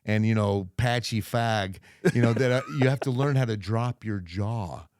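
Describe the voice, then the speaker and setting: A middle-aged New Jersey man, a TV meteorologist appearing as a guest, tells stories in a casual podcast chat with a neutral accent. His fairly low voice moves at normal speed, and he lively acts out the people he quotes; the studio-quality recording has no echo.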